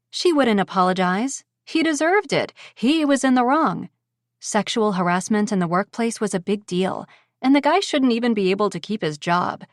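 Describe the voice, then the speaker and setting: A woman reading an audiobook novel in an even, measured way on a close mic. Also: mid-range voice, dry recording. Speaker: audiobook narrator. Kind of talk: scripted narration.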